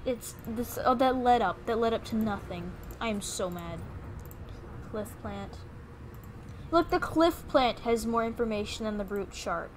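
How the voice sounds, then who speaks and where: A woman's voice: on the high side, measured pace, noisy background. A young woman giving playful, chatty commentary while streaming a video game, often exclaiming and talking to the creatures on screen.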